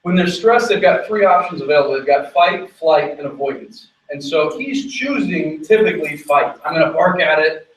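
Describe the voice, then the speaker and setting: A man teaching dog training on location, talking through his method while calling out quick commands to the dog. His voice sits a little higher than most men's and sounds roomy and echoey, picked up from some distance away. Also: expressive.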